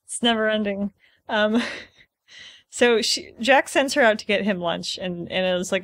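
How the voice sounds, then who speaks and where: A woman's voice: mid-range voice, steady tone, normal speed, a bit bright, no echo. A woman co-hosting a comedy podcast, casually recapping a novel with a lot of laughing. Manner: laughs often, summarizes the plot. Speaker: podcast co-host. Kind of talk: casual chat recapping a book.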